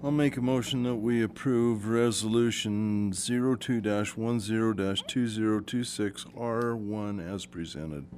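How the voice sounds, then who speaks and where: A man's voice: lowish voice, a little slow, few pauses, a little mellow, slight background noise. A man, a county commissioner, making terse formal motions at a public meeting.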